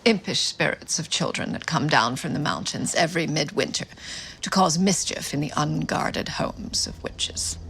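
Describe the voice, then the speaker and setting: An actress in a TV series telling a grim legend in a grave, sometimes hushed tone. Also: female voice, sits low, animated, moderate pace, creaky, husky, heavily acted. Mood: ominous. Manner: grave storytelling tone, hushed at times. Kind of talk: scripted TV dialogue. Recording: TV clip with music behind.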